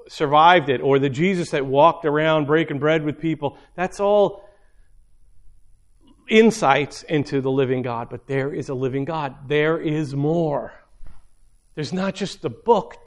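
A man with a notably high voice delivers an earnest sermon. He presses his listeners with rhetorical questions and slows down to stress his key points. For quieter asides he drops lower and softer. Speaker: preacher.

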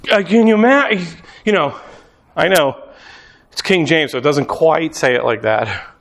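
A man preaching a sermon, telling a story with lively acted-out scenes and bursts of shouting. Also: on the high side. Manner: animated storytelling, acts out scenes, rising to shouts. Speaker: pastor.

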